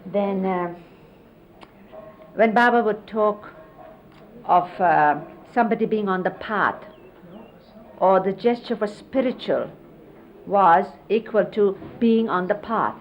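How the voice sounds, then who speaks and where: Speaking slowly with lively intonation, a mid-range-voiced middle-aged woman remembers the spiritual teacher she followed. She narrates casually, explains hand gestures, and fills gaps with frequent fillers, all on dull 1970s videotape audio with faint hiss.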